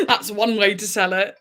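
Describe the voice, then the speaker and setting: A woman's voice: mid-range voice, a bit bright. Young woman, English accent, livestream host, casual chat, bubbly, rambling, giggly. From Devon, England.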